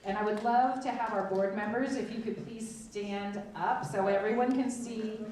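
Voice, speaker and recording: A woman's voice: medium pitch, steady tone, moderate pace, darkish tone. A woman hosting a theater event, giving a casual, joking welcome speech to an audience. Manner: chatty, joking, laughing often. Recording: echoey room, distant mic, crowd and noise.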